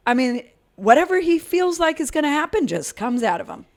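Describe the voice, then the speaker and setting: A woman co-hosting a podcast, telling stories excitedly in casual chat, laughing often and swearing. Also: sits high, a little fast. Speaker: podcast co-host.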